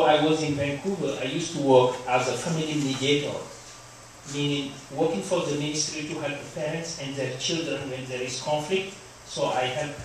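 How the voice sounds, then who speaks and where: A man's voice: fairly high pitch, slight background noise. A middle-aged man giving a university lecture on human rights, explaining earnestly and telling a personal story. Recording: echoey room recorded from far off.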